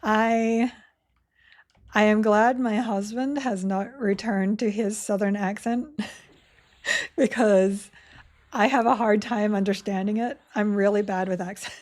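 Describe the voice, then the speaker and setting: A young woman chatting her way through a live game stream, giggling often between remarks. She speaks at an easy, slow pace with a mellow, soft tone and a middle pitch. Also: steady tone. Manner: chatty, giggly, reads chat aloud. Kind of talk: casual live-stream chat while playing.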